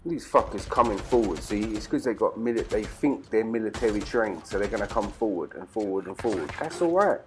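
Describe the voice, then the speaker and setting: A man's voice: fairly low pitch, a little fast, hardly any pauses, a little mellow, slight background noise. A man from Britain hosting a let's play, swearing and trash-talking his enemies as he plays. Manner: profane, rowdy trash talk. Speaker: gaming channel host.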